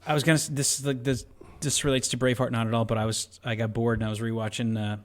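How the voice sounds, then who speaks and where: A man's voice: medium pitch, flat delivery, quick pace. A man in his thirties co-hosting a casual movie podcast, rambling and joking with lots of fillers. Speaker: podcast co-host.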